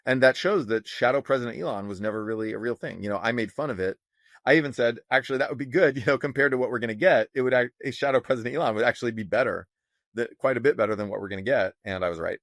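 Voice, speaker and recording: A man co-hosting a casual podcast on economics, talking in an animated, sarcastic way and swearing freely. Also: medium pitch, fast talker, no echo, studio quality. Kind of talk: casual opinionated chat.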